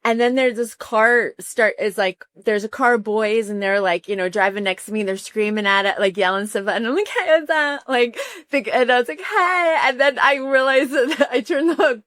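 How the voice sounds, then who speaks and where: A middle-aged woman from Georgia, co-hosting a casual comedy chat and telling stories, acting out the people she quotes in a high voice. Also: normal speed, dry recording. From Georgia, USA. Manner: animated storyteller, acts out quotes in a high voice. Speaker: podcast co-host.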